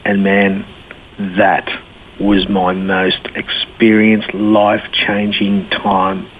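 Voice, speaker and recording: A middle-aged Australian man gives personal testimony as a guest in a radio interview, speaking very slowly in a lowish voice. He's candid and colloquial, growing animated when he retells dialogue, over a tinny phone line with faint noise.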